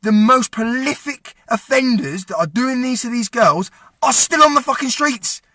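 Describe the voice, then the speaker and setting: A young man rants to camera in a high, piercing voice, angry and swearing as he urges people to act. The sound is close and dry, with no room around it. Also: animated, moderate pace, bright, forceful tone, no echo. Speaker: vlogger. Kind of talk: direct-to-camera rant.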